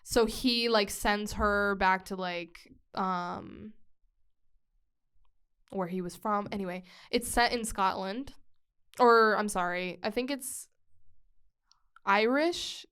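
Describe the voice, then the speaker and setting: A woman's voice: mid-range voice, slow pace, long pauses, a bit bright, clear, resonant tone. A woman co-hosting a casual podcast chat, gushing about movies in a chatty way with many fillers. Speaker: podcast co-host.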